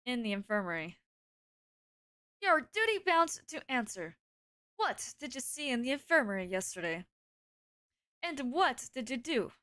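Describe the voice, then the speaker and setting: A woman's voice: high voice, sing-song, a little slow, pauses often, bright, forceful tone, no room sound, studio quality, full character voice. A woman reading a visual novel aloud, voicing a haughty, contemptuous aristocratic male pigeon student who speaks in curt, scornful commands.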